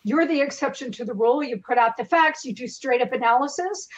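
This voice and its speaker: A woman guest commentator speaking remotely in an interview, arguing fluently and forcefully. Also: high voice, fairly quick. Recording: dull remote line.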